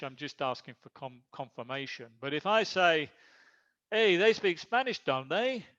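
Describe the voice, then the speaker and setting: A man teaching an online English class, explaining grammar slowly and switching between English and Spanish. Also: on the high side, a bit bright. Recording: dull lo-fi sound.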